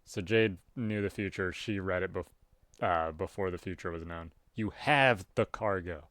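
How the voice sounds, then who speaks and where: A man reading a webcomic aloud and chatting about it casually, with sudden loud, animated outbursts. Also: deep voice, normal speed, dry recording. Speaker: webcomic reader. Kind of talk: casual read-aloud with commentary.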